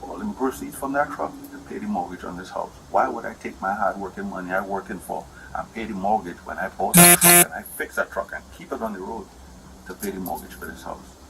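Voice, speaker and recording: Gravelly fast-talking aggrieved man. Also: low-pitched, expressive, heavy background noise. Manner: rambling, repetitive and aggrieved. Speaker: husband explaining a domestic dispute. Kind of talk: heated complaint to an officer. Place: indoors at a house.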